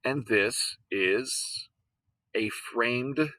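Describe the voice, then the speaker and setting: Slow, patient man teaching a lesson. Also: mid-range voice, sharp tone, no echo, low-quality recording. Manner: slow, patient, repeats words and sounds them out. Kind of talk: recorded classroom lesson on syllables.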